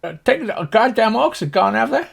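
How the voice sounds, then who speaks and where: A man voicing a cranky, beaten old male rancher who curses constantly in a high, shrill drawl. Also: sing-song, moderate pace, vocal fry, a little hiss or hum, heavily acted. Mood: grumbling.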